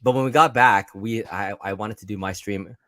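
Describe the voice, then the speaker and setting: A man's voice: fairly low pitch, normal speed, a bit bright, dry recording. A tired man on little sleep, telling a rambling story in laid-back casual chat as a podcast co-host.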